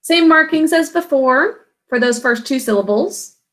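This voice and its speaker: A woman teacher walks a class through spelling, breaking each word into single sounds and syllables. She speaks slowly and patiently, in a voice pitched a little high. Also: animated, fairly bright tone. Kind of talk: recorded spelling lesson.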